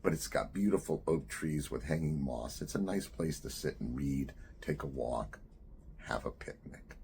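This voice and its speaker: An older man in his sixties, from New Jersey, recounts a memory from his youth. His voice sits extremely low with a gravelly rasp, and he talks loosely, at times dropping to a near-whisper. Faint background noise runs under the recording. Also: a little mellow. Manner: conversational, drops to a near-whisper at grave moments. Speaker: author. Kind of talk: personal storytelling.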